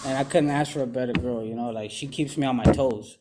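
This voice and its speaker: A man's voice: medium pitch, fairly even intonation, a little fast, very noisy. Rambling young man in recovery. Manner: rambling slangy talk full of "you know". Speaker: recovering addict sharing his story. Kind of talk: casual candid interview.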